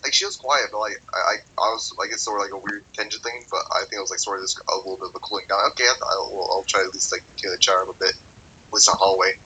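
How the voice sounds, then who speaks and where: A man's voice: sits low, fairly even intonation, fast talker, bright, forceful tone, slight background noise, poor audio. A man co-hosting a podcast in casual chat, telling a rambling, profane story full of "like". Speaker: podcast co-host.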